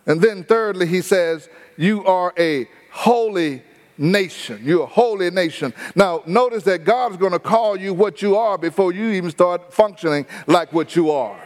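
A man's voice: high voice, normal speed, few pauses, darkish tone. A middle-aged man preaching a sermon, emphatic and repetitive, with touches of humor. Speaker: pastor.

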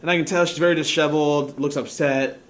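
A man's voice: on the high side, steady tone, fast. A young man preaching as a pastor, telling a story in a casual, self-mocking way and laughing at himself. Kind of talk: sermon storytelling.

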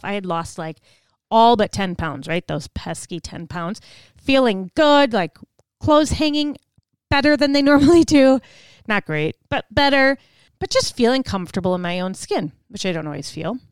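A woman hosting a podcast, telling stories in an animated way and laughing often as she acts out other people's voices. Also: mid-range voice, clean tone, no echo. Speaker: podcast host. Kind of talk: storytelling monologue.

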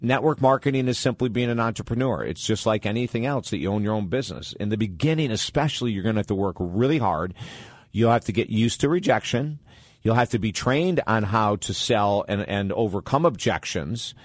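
Blunt, animated male advice host. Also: lowish voice, brisk, no room sound, studio quality. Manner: blunt, animated and candid, with frequent asides. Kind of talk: advice talk answering listener questions.

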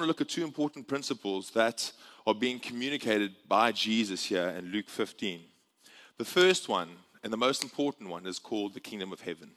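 Male preacher, low register, chatty and jokey delivery, live in a reverberant church hall. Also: moderate pace. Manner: chatty, jokey, animated swings in loudness. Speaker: guest preacher. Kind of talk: sermon.

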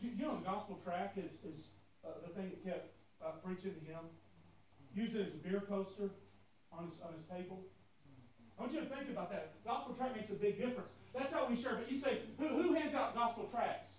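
A pastor preaching a sermon, asking the congregation questions, swinging from soft asides to loud, emphatic stretches with many fillers and repeats. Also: male voice, high-pitched, a little fast, echoey room, far from the mic, slight background noise. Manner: animated call-and-response preaching, asks the congregation questions; conversational with frequent fillers and repeated words.

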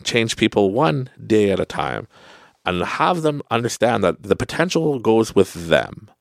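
A man with a Canadian accent hosting a podcast, giving a casual motivational monologue, animated and laughing often. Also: fairly low pitch, unhurried, vocal fry, dry recording, clean studio sound. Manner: animated, laughs often, tags lines with "right?". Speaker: podcast host.

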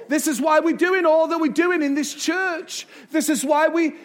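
Man pastor preaching in church, really high voice, slows down hard on the big lines. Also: fairly even intonation. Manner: emphatic preaching with dramatic pauses and repetition. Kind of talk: sermon. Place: church sanctuary.

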